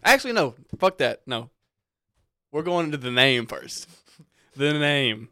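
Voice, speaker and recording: A young man hosts a casual podcast, needling his friends and swearing as he goes. His voice sits a bit high and swings widely in pitch. The sound is close and dry. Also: measured pace, dry recording. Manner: teasing, profane, animated. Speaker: podcast host. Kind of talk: casual chat.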